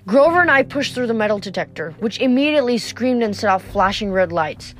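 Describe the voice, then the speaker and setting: A woman's voice: a little high, lively intonation, brisk. A woman reading a novel aloud, sometimes stumbling and restarting a word. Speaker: reader.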